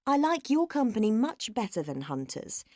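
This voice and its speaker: A woman's voice: fairly high pitch, big pitch swings, normal speed, darkish tone, no echo, studio quality. A woman acting an affectionate young woman soothing her boyfriend in a textbook dialogue, coaxing and insistent.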